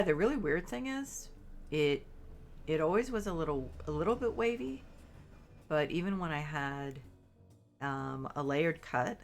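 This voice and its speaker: A middle-aged woman who sounds congested and sniffly, chatting with her stream viewers in a rambling, apologetic way full of fillers. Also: deep voice. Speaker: game streamer. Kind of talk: casual chat with stream viewers while playing.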